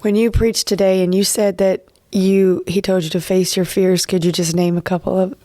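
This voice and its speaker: A woman co-hosting a podcast, asking her guest a question in a gentle, supportive way. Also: mid-range voice, little pitch movement, normal speed, no echo. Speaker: podcast co-host. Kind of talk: interview question.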